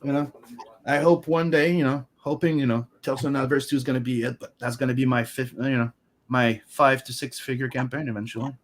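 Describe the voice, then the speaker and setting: A man's voice: medium pitch, steady tone, fast, a little hiss or hum. A man from Canada co-hosting a live stream, talking loosely and swearing freely, with lots of filler phrases. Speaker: streamer co-host. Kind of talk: casual live-stream chat.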